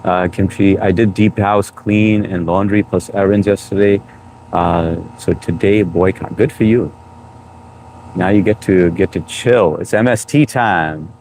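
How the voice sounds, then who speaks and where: A low-pitched man chats loosely on a live stream, greeting viewers by name. His tone is playful and teasing, and a faint background hum sits under the voice. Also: steady tone, a little slow, darkish tone. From United States. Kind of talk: casual live-stream chat reading comments. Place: home room, New York.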